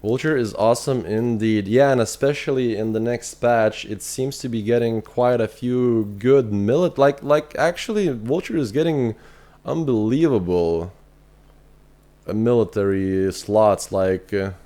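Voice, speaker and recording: A man's voice: mid-range voice, measured pace, dark tone. A man with an Irish accent chatting casually on a game live stream, answering viewers and thinking aloud with fillers. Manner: reads chat messages aloud and answers viewers.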